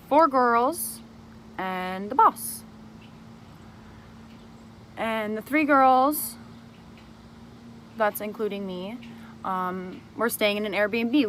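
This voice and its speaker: A woman's voice: mid-range voice, a little hiss or hum. A young woman speaking straight to the camera, angrily accusing someone and then explaining her side of events. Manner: angry, accusing and confrontational at first, then calmer explaining. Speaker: speaker recounting a personal grievance. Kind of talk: emotional direct-to-camera testimony.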